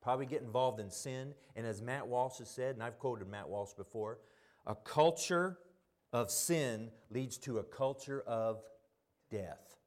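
A middle-aged man preaching a sermon, telling stories and swinging between quiet asides and loud emphasis. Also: medium pitch, unhurried.

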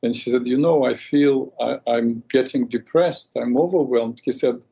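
Mellow husky male interviewer. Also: mid-range voice, normal speed, few pauses. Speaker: interviewer host. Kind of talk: conversational interview. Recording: slightly dull lo-fi audio.

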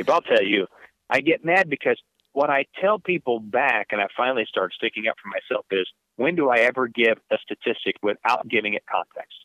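A man's voice: mid-range voice, fairly quick, no echo. A man who works as a sports play-by-play announcer, answering interview questions in a reflective way, often restarting his sentences. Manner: reflective, many restarts, animated emphasis. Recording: dry, phone-like narrow sound.

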